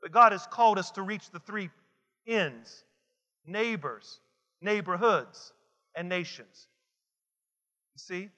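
A man's voice: high voice, takes it slowly, long pauses, bright, forceful tone. A male pastor preaching a sermon, driving his points home with repeated phrases and calls for the congregation to answer back. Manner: call-and-response preaching, repetitive and emphatic. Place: church sanctuary. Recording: long hall reverb.

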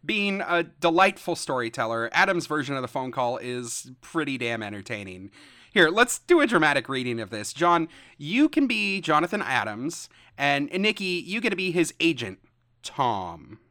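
A man hosting a podcast, narrating history in a lively storytelling way and reading out quotes. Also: on the high side, moderate pace, no room sound, studio quality. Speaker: podcast host. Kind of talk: scripted narration with banter.

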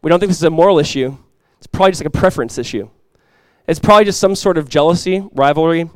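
A man's voice: fairly high pitch, fast, clear, resonant tone, dry recording, poor audio. Casual-talking male pastor, dry sound. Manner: casual conversational preaching with many fillers. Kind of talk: sermon.

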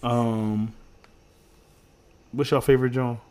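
A man's voice: mid-range voice, takes it slowly, clean tone. A man co-hosting a podcast, chatting casually and moving the talk from topic to topic. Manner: relaxed, steers the conversation to new topics. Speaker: podcast co-host. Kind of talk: casual chat.

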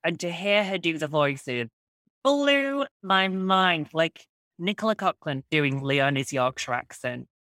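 A woman author telling stories in an enthusiastic, quick interview chat. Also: low-pitched, dry recording. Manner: animated, quick storytelling. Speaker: author guest.

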